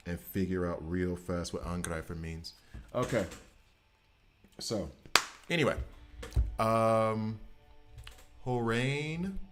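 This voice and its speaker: Low-voiced man rambling to his stream chat. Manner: rambling, self-correcting, chats directly with viewers. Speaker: gaming streamer. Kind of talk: casual live-stream chat.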